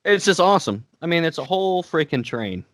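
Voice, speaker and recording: A man's voice: fairly high pitch, sing-song, brisk, fairly bright tone, no echo, studio quality. A man in casual podcast chat, enthusiastic and stammering a little.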